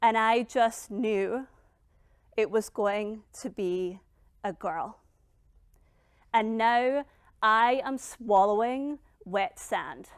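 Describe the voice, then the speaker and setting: A middle-aged woman giving a dramatic motivational speech as a founder, emphatic and blunt, with long pauses. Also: fairly high pitch, clean tone, no echo, studio quality. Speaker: founder and keynote speaker.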